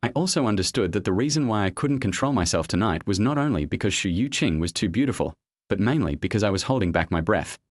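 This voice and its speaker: A man narrating a web comic recap in a steady first-person storytelling manner. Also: fairly low pitch, fast talker, few pauses, no room sound, clean studio sound.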